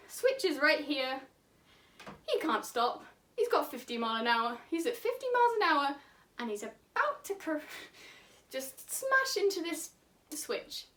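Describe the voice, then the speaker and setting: A woman vlogger in a chatty, animated infodump who laughs as she talks. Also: sits high, far from the mic. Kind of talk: enthusiastic casual infodump.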